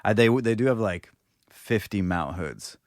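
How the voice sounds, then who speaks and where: A man's voice: fairly low pitch, lively intonation, measured pace, dry recording, clean studio sound. A grown man co-hosting a boxing podcast, chatting casually in a rambling way, swearing now and then. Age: adult. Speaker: podcast co-host. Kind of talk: casual chat.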